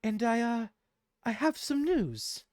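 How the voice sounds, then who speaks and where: A man voicing a young, three-foot-tall gnome princess who speaks gently and dutifully. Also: very high voice, big pitch swings, slow pace, no room sound, studio quality, voice pushed up, exaggerated voice. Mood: gentle.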